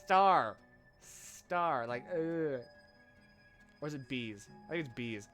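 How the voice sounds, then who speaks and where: A man's voice: mid-range voice, a little slow, soft background music. A male streamer chatting and joking while playing a game, at times talking without moving his lips. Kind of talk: casual let's play commentary.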